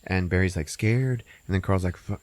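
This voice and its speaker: A man hosting a podcast, casually recapping a movie's plot with lots of profanity and laughter, jumping into squeaky put-on voices for the characters. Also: moderate pace, dry recording. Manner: profane, laughing, animated storytelling. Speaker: podcast host.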